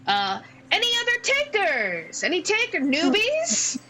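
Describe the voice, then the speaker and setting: A woman voicing a young, very short male gnome who hosts dinner entertainment with a loud, jaunty announcer patter. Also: very high-pitched, huge pitch swings, a little slow, over a noisy crowd, voice pushed up, exaggerated voice. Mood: jolly.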